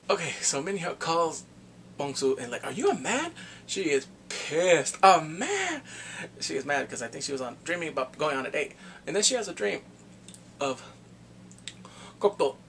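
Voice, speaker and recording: A man casually recapping drama episodes, animated and laughing often, acting out the characters' lines. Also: on the high side, slight background noise. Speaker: drama reviewer.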